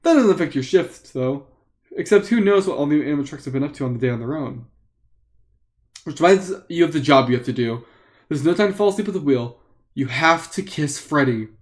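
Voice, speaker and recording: Higher-pitched man reading a story aloud. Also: lively intonation, brisk. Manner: playful, joking asides. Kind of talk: live reading of an interactive book.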